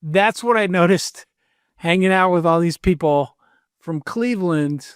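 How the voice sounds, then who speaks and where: An animated man co-hosting a casual podcast, with a fairly high voice. He jokes around and keeps dropping into quick imitations. The sound is close and dry. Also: smooth, no echo. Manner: animated, jokey, slips into voices and mimicry. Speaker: podcast co-host. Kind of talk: casual chat. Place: lives in Virginia.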